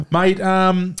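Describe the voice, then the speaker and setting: Laid-back Australian bloke, jokey banter. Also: male voice, high-pitched, fairly bright tone, clean tone. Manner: laid-back, jokey, says "mate" a lot. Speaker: podcast co-host. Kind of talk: casual banter.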